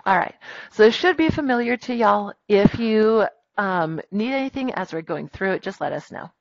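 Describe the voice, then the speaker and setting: A woman teaching a grammar lesson in a classroom, brisk and firm with her students as she dictates punctuation aloud. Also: mid-range voice, expressive, no room sound, lo-fi sound.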